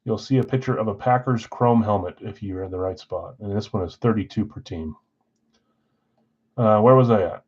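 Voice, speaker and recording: A man's voice: lowish voice, moderate pace, a little mellow, husky, dull audio. A man hosting a live card break stream, reeling off names and teams in a casual, friendly roll-call and mumbling his asides. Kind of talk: casual livestream chat reading team picks.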